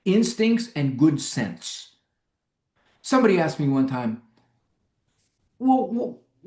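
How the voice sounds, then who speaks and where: A man's voice: sing-song, slow pace, long pauses, a little mellow, roomy sound. A middle-aged man, a psychologist, telling humorous stories in an interview and acting out quoted voices. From United States. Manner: humorous, acts out quoted voices with big pitch jumps. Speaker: clinical psychologist and guest. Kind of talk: animated storytelling interview.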